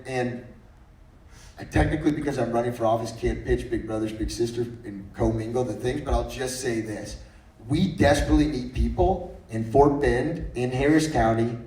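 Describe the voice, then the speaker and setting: A man's voice: medium pitch, a little mellow. A man in his thirties giving a faith-based speech at a breakfast meeting, telling humorous stories and often restarting his sentences. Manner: anecdotal and humorous, with frequent restarts. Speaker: guest speaker. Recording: roomy sound from far off.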